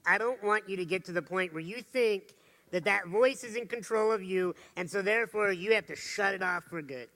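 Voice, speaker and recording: A man giving an earnest motivational talk, dropping to soft, intimate tones for serious points. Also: high voice, normal speed. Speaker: motivational speaker.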